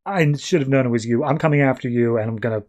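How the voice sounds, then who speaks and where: A man's voice: medium pitch, fast talker, darkish tone, lightly acted. A man voicing a wisecracking male field agent, in a flirty, self-deprecating way, while retelling a comic. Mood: wry.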